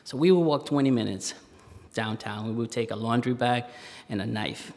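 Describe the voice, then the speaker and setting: A man, telling a personal story live on stage in a conversational way, with pauses and fillers. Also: medium pitch, darkish tone. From Spanish Harlem, New York. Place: stage in a museum hall, live audience. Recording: reverberant live hall.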